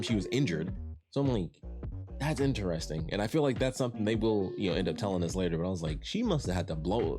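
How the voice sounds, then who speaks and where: A man from Detroit talks through a show review in a loose, rambling way. He often repeats himself and restarts his sentences. His voice sits on the low side, and soft music plays faintly behind him. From Detroit, USA. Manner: rambling, repeats words and restarts, many fillers. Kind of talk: casual spoken review.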